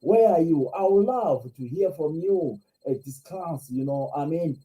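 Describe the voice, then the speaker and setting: A man's voice: a little high, animated, a little slow, warm tone, low-quality recording. A Zimbabwean man hosting a live stream, speaking with passion, repeating himself and firing off rhetorical questions. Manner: impassioned, repetitive, rhetorical questions. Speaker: live show host.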